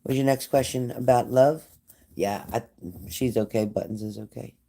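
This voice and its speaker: Mellow-voiced man giving a live tarot reading. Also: medium pitch, steady tone, normal speed, vocal fry, slight background noise. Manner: casual, talks straight to a viewer, breaks off into chatty asides. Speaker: psychic tarot reader. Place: at home indoors by a glass sliding door.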